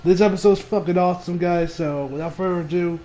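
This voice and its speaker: A young man chatting casually as an anime reviewer, excitable and profane, laughing a lot, into a new home mic. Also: high voice, a little fast. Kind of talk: casual chat.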